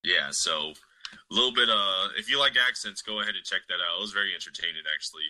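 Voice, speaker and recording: A man co-hosting a sports podcast, talking in a profane, excitable, rambling way. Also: low-pitched, quick pace, rough recording. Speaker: podcast co-host. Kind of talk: casual sports chat.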